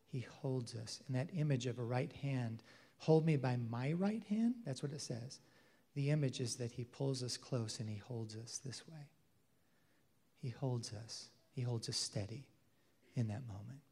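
A male pastor preaching a sermon with emphasis, swinging between loud declarations and hushed, intimate passages. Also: medium pitch, steady tone, normal speed, creaky, breathy edge. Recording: long hall reverb.

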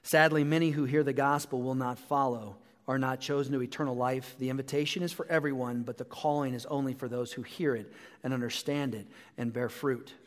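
A man's voice: medium pitch, fairly quick. A man in his forties preaching a sermon as a pastor, telling family stories with animation. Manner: storytelling, animated when telling anecdotes. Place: church sanctuary. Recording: long hall reverb.

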